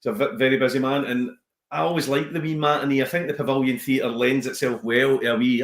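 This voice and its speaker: A Scottish man, a comedian, chatting casually on a podcast as an animated storyteller who slips into voices. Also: mid-range voice, fast talker, roomy sound. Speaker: comedian guest.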